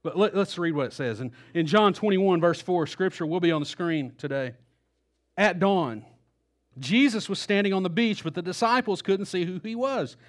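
High-voiced man preaching a casual sermon. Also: lively intonation, normal speed. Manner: casual storytelling preacher, acts out quotes, repeats words. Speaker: pastor. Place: church auditorium. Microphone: stage microphone.

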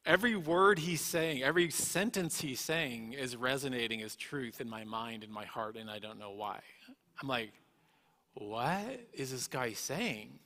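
A man's voice: medium pitch, normal speed, pushed and bright. A man giving an earnest, emotional personal testimony, often restarting his sentences as he tells his story. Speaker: guest speaker. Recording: echoey hall reverb.

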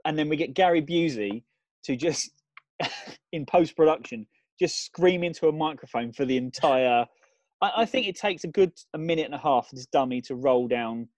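A man co-hosting a comedy chat, rambling through an absurd film pitch with lots of ums. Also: moderate pace, darkish tone, no echo. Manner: rambling, builds absurd scenarios with fillers.

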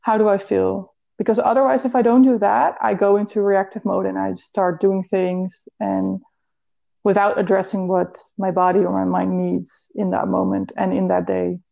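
A woman's voice: medium pitch, little pitch movement, moderate pace, gravelly, muffled recording. A woman with a Dutch accent, a health and fitness coach, speaking earnestly in a podcast interview and now and then searching for an English word.

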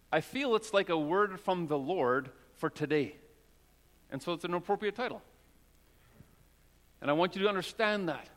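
A high-pitched male pastor preaching to his congregation in an informal, good-humored way. His voice rings out with a long reverb in the sanctuary, and it goes low and hushed in prayer. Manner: conversational and joking, with prayers spoken low and soft. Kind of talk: sermon. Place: church sanctuary.

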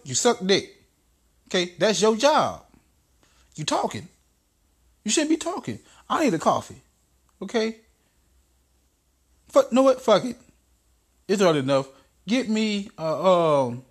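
Man doing a pushy older president, crude, arrogant, high and loud, stammering orders. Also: very animated, measured pace, long pauses, slightly rough, full character voice. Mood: bossy, dismissive. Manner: bossy, profane, stammering demands.

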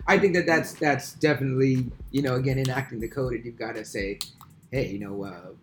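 A man's voice: mid-range voice, brisk, heavy background noise. A man in casual chat, reflective and laughing easily as he tells stories.

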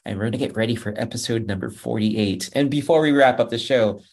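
A man in his thirties wraps up a racing talk show in a loose, upbeat way. He rambles and keeps turning to the listeners as "folks," with a voice of ordinary middle pitch. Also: quick pace, a little mellow. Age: 30s. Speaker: podcast host. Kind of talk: casual show wrap-up chat.

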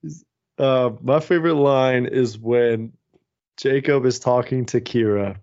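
A laid-back young man speaks slowly in a casual podcast chat. He swears easily and keeps things loose. His voice is mid-pitched, and the recording sounds a bit dull. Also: a little mellow. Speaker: podcast co-host. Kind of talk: casual chat recapping a reality show. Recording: slightly dull lo-fi audio.

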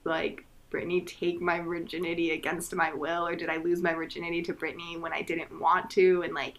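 A woman co-hosting a casual podcast chat, animated and quick to act out characters' lines. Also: lowish voice. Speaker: podcast co-host.

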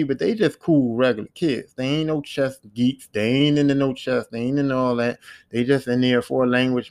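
A man's voice: medium pitch, darkish tone. A man casually recapping a TV series on his podcast, swearing freely and acting out the characters' lines in slangy talk. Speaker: podcast host.

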